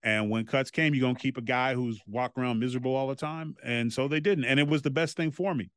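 A man, a former wrestler, telling stories as a podcast guest in a loose, animated way and swearing freely. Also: mid-range voice, quick pace, no room sound, clean studio sound. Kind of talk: casual anecdotal storytelling.

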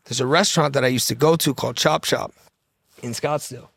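A man telling a story in a casual, profane, fast-talking way, often quoting what others said. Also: medium pitch, vocal fry, a bit bright, slightly rough, no room sound, clean studio sound. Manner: profane, fast-talking anecdote with quoted dialogue.

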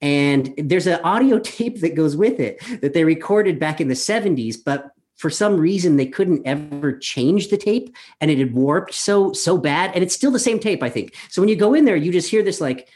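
A man's voice: a little high, animated, moderate pace, hardly any pauses, darkish tone. A man in his thirties from Colorado, telling a personal story live over a video call from his apartment, chatty and self-deprecating with plenty of fillers. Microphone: webcam on a video call.

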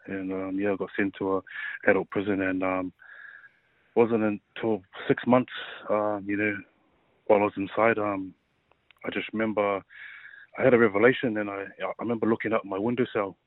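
A man in his thirties, a rugby league player, telling his personal story in a casual interview, halting and full of fillers. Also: on the low side, level tone, no room sound. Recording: tinny phone-like line.

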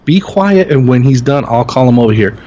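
A man co-hosting a sports podcast, telling lively anecdotes and acting out quotes in raised voices. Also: fast, dull audio. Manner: animated storyteller, acts out quotes in higher voices. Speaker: podcast co-host. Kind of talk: casual sports chat.

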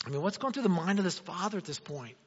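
A man's voice: high-pitched, very animated, fast, breathy edge, long reverb tail, highs cut off. A man preaching a sermon in a conversational way, asking rhetorical questions and acting out what others say. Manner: conversational, asks rhetorical questions, acts out quotes.

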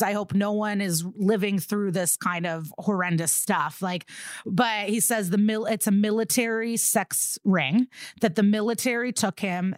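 A woman's voice: mid-range voice, no room sound, studio quality. A woman co-hosting a podcast, animatedly retelling a true-crime case in casual chat, acting out quotes and swearing freely. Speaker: podcast co-host.

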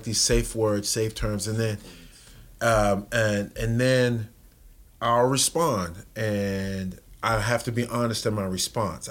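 A man co-hosting a couples podcast, talking in a measured, reflective way with frequent restarts. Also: on the low side. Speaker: co-host. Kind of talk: casual podcast chat.

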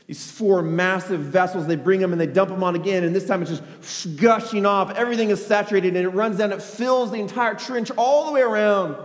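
A man preaching a sermon, retelling a Bible story in a lively way with frequent "right?" asides and a hush for quoted lines. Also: high voice, a little fast, hardly any pauses. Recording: echoey hall with long reverb.

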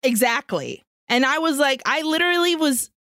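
A woman's voice: high-pitched, expressive, moderate pace, fairly bright tone, no room sound, studio quality. A woman co-hosting a podcast, animatedly retelling a film plot in casual chat and swearing freely. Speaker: podcast co-host.

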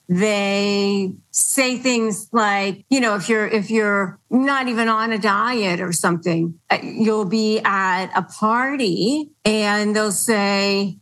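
A woman's voice: medium pitch, fairly even intonation, a little slow, a bit bright, low-quality recording. A woman hosting an advice podcast, explaining in an earnest, patient way and quoting phrases as examples. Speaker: podcast host.

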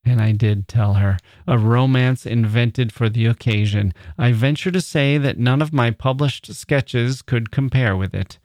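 A man narrating a literary story in a slow, deliberate, measured way. His voice is mellow and low-keyed, and the recording is dry and close with no room sound. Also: no room sound. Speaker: podcast host reading a story.

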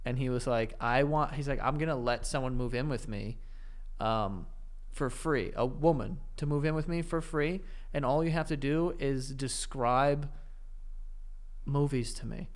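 A man co-hosting a podcast in casual chat, laid-back and joking, quick to laugh. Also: mid-range voice. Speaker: podcast co-host.

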